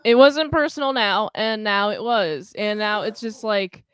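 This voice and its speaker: A woman co-hosting a casual podcast chat, animated and acting out quotes as she talks. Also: mid-range voice, unhurried, smooth, no echo. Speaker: podcast co-host.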